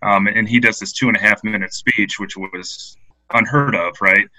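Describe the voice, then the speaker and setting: A man co-hosting a podcast, talking in a halting way with many restarts. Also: lowish voice, steady tone, pushed and bright, rough recording. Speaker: podcast co-host. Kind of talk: casual discussion.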